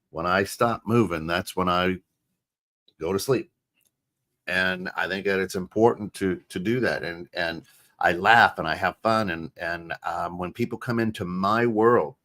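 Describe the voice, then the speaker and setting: A middle-aged American man co-hosting a podcast, talking in an animated, casual way, restarting phrases and often asking "right?". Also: low voice. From United States. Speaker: podcast co-host. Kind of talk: casual chat.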